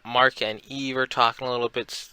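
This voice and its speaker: A young man chats his way through a comic book recap, leaning on fillers as he rambles from scene to scene. His voice is smooth and clean, with a sharp, forceful brightness. The sound is dry and close, with no room echo. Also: medium pitch, flat delivery, normal speed. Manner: rambling, filler-heavy retelling.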